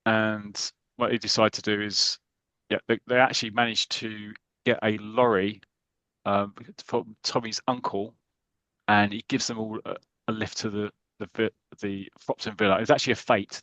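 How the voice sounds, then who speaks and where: A British man on a podcast, casually retelling a football comic story with lots of fillers and quick voices for the characters. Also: lowish voice, a bit bright, dry recording. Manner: reads comic dialogue aloud in light voices, hesitant fillers. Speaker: podcast co-host.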